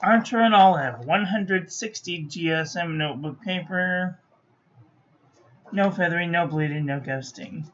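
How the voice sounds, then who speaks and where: A sleepy woman giving dry, low-key commentary while testing ink on paper. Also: unhurried, a little hiss or hum. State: sleepy, yawning. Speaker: stationery reviewer. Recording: dull lo-fi recording.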